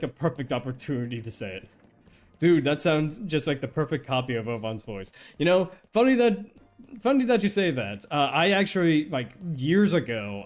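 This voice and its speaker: A man casually chatting while streaming a game, rambling, restarting his sentences and laughing often. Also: medium pitch. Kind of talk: casual gameplay chat.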